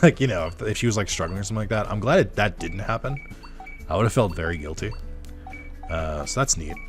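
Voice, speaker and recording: Male let's-play host with a lowish voice, loose and rambling, joking at his own expense, soft game music behind him. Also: brisk. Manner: rambling and self-deprecating, with many fillers. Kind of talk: casual gameplay commentary.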